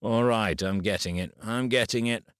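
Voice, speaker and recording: A man's voice: fairly low pitch, normal speed, clear, resonant tone, no echo, studio quality, pitched above the performer's own voice, natural voice. A man playing a tired, groggy father in an audiobook, speaking in a sleepy, hesitant way.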